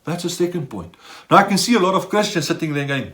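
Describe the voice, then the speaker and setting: A man preaching a sermon, animated, acting out the dialogue of the people he describes. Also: a little high, fast. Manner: animated, acts out dialogue in quoted voices. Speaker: pastor.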